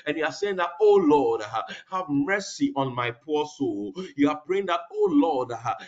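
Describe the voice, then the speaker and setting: A man's voice: on the high side, wildly swooping pitch, moderate pace. A man leading a morning prayer session as a pastor, fervent and full of "oh God" and "uh", now and then praying in tongues. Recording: dull lo-fi broadcast audio.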